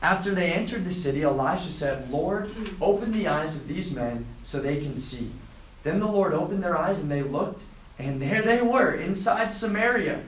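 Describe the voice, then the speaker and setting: A man preaching to students, retelling a scripture story and acting out the quoted lines with lively emphasis. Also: a little high, normal speed, echoey room, slight background noise, poor audio. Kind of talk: sermon to a student group.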